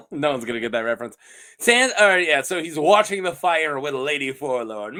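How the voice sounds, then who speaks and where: A man casually recapping fantasy story lore, playful and quick to laugh, with lots of fillers. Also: a little high. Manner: playful, animated, laughs often, many fillers. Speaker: host of a fantasy lore channel.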